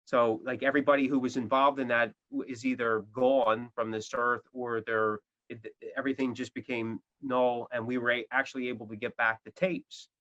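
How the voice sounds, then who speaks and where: A man's voice: mid-range voice, level tone, normal speed, hardly any pauses, a bit bright. A man, a band's guitarist, talking casually in an interview, rambling with many restarts and fillers. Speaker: guitarist guest. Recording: dull lo-fi audio.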